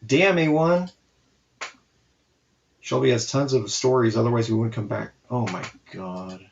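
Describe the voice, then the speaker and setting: A man in his forties, a comic artist hosting a live art stream, telling animated, profane stories in casual chat. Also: mid-range voice, unhurried, creaky, lo-fi sound, a little hiss or hum.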